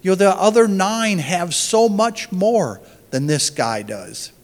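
Guy teaching from the bible, slow and halting, lots of restarts, reverby hall sound. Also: sits high, animated. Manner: halting, restarts phrases, thinks aloud.

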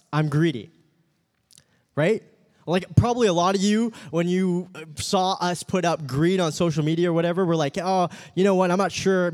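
A man's voice: fairly high pitch, a little mellow. A man giving a casual, humorous sermon as a youth pastor, telling stories in a chatty way with many fillers. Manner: chatty storytelling with frequent fillers. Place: meeting room with a live audience.

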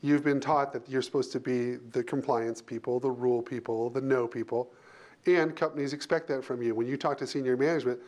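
A man's voice: medium pitch, fairly even intonation, brisk, darkish tone. Punchy, emphatic male HR leader. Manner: emphatic, punchy short phrases with repetition. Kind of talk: speaking as guest on a panel.

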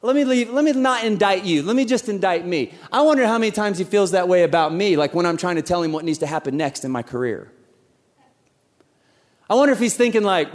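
High-voiced man preaching in a reverberant hall. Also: expressive, a little fast. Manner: conversational, acts out voices, rhetorical questions. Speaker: pastor. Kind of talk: sermon. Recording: church hall with long reverb.

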